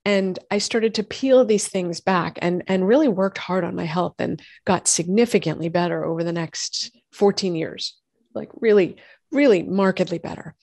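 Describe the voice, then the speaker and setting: A woman, a doctor and host telling her own health story in lively conversation, acting out what others said. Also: fairly low pitch, normal speed, creaky, no echo, clean studio sound. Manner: animated storytelling, acts out quoted voices. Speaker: functional medicine gynecologist and podcast host.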